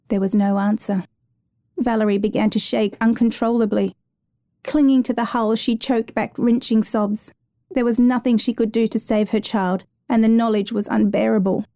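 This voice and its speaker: A woman reading a dramatic true rescue story aloud in a measured, even narration. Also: on the high side.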